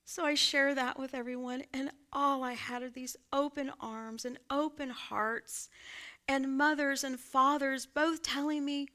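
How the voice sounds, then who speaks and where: A woman's voice: high-pitched, fairly even intonation, measured pace. A woman pastor, preaching a sermon and telling a personal story, often asking her listeners "right?". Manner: warm conversational, asks congregation "right?". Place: church sanctuary.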